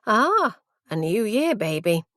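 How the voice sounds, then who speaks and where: Gentle mum, motherly and a little hesitant, voiced by a woman reading the story, in a dry, close audiobook sound. Her tone stays soft and careful. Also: medium pitch, very animated, slow pace, no echo. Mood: warm. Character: caring middle-aged mother, gently hesitant.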